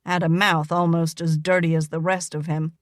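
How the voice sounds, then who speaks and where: Brief: gruff, curt wounded army doctor, male, lower and louder than the narrator's voice, read by a woman. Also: little pitch movement, moderate pace, no echo, clean studio sound, close to an everyday voice.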